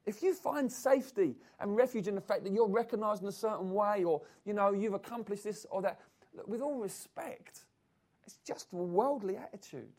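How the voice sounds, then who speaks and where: A pastor preaching a sermon to his church, building to loud, repeated emphatic phrases. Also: medium pitch, moderate pace. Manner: preaching with rising emphatic bursts and repetition.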